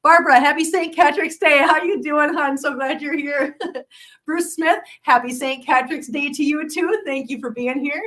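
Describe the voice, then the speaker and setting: A woman hosting a casual live stream, chatty and quick to laugh, often talking to her cats. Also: high voice, steady tone, fairly bright tone, recorded from a distance.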